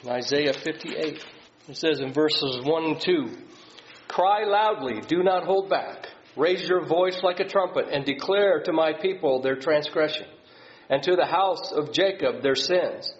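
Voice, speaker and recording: A man's voice: on the high side, measured pace. A man leading a Bible study, putting questions to the group and reading scripture aloud. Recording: slightly dull sound.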